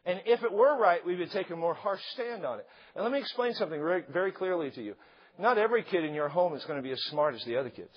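A middle-aged male pastor preaching a sermon, animated and joking, acting out quotes along the way. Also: high-pitched, fast, slightly rough. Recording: slightly dull lo-fi sound.

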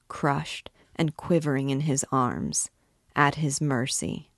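A woman reading a classic novel aloud in a measured, expressive way. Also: extremely low pitch, no echo, studio quality. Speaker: book reader and guide.

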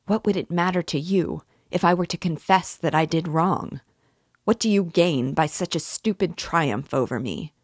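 A tormented young man confessing in slow, heavy words, as a woman reads him aloud from a novel. His lines rise into despairing cries, in a dry, close recording. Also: low-pitched, dry recording. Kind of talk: audiobook reading.

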